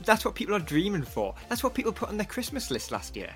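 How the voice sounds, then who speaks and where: A man's voice: high-pitched, wildly swooping pitch, fast talker, faint music behind. A man co-hosting a podcast in casual chat, teasing and playful. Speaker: podcast co-host.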